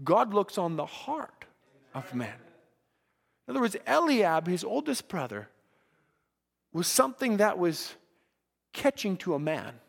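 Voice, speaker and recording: A man's voice: high-pitched, big pitch swings, measured pace, vocal fry, long pauses, big-room sound. A man preaching a sermon to young people, earnest, often repeating words as he builds a point. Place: church.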